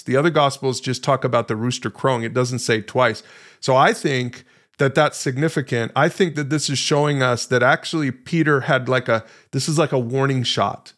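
Animated man teaching from the Bible. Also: mid-range voice. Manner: animated, emphatic storytelling that acts out quoted lines; conversational, addresses listeners directly. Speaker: podcast host teaching the Bible.

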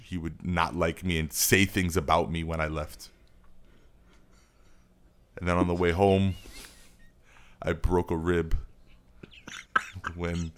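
A man doing a comic impression of a pompous, self-pitying older senator, speaking in an earnest, mock-serious way. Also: low-pitched. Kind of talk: comedic impression.

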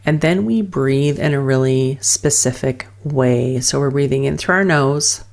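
Low-voiced woman coaching calmly. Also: unhurried, gravelly. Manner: soothing, speaks in loose fragments with many fillers. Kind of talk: guided wellness teaching.

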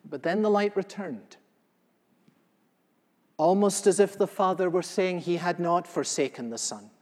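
A male pastor playing the apostle John in a first-person sermon, telling what he saw with earnest feeling, moving between hushed and loud passages. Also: high voice, a little slow. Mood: awed. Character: the elderly apostle John, solemn eyewitness. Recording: long reverb of a large hall.

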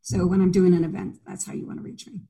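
A woman's voice: fairly low pitch, fast talker, creaky, mellow, breathy edge, low-quality recording. An older woman talking as a podcast guest on a video call, chatty and playful, poking fun at herself. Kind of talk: casual video-call interview.

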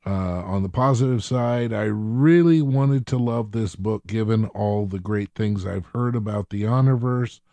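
A man co-hosting a casual book discussion, considered and measured. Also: fairly low pitch, warm tone, no room sound. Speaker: podcast co-host.

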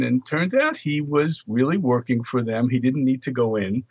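Older Bronx man telling lively stories. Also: mid-range voice, normal speed, slightly rough, dry recording. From New York, Bronx. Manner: animated anecdotes with quoted dialogue. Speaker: guest. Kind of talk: storytelling interview.

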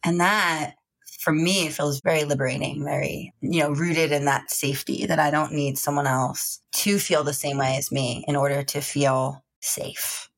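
A woman's voice: sits low, fairly even intonation, normal speed. Woman, podcast co-host, casual chat, reflective, laughs a lot. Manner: reflective, laughs often, peppers speech with "right?". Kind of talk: casual conversation.

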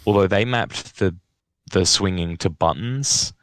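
A man's voice: sits low, measured pace, dry recording. A man joining a podcast remotely, speaking hesitantly and often restarting his sentences. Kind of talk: casual podcast chat.

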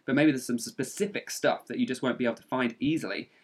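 Relaxed, chatty man co-hosting. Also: medium pitch, fast. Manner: chatty and relaxed, with mild swearing. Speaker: podcast co-host. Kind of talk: casual travel podcast chat.

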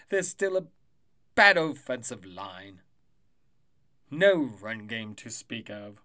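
A man's voice: medium pitch, very animated, slow, long pauses, bright, forceful tone. A young adult man hosting a podcast, talking casually and rambling with frequent swearing. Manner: rambling, profane, loose and chatty. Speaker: podcast host. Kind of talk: casual sports prediction podcast.

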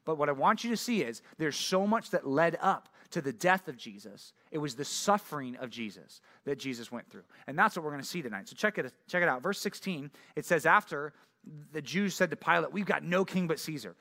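A man's voice: fairly high pitch, expressive, a little fast, sharp tone. A young male pastor giving a casual, conversational sermon, telling stories with lots of fillers. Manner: conversational, filler-heavy storytelling.

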